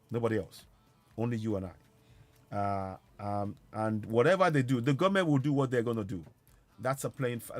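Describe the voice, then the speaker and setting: A man hosting a call-in show, urging viewers earnestly and repeating his points. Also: medium pitch. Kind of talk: casual talk to viewers. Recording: music in background. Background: music playing.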